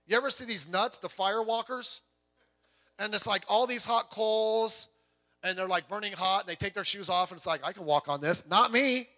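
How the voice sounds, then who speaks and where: Brief: male pastor with a high, bright voice, preaching conversationally, with rhetorical questions and joking asides. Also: steady tone, normal speed. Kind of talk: sermon.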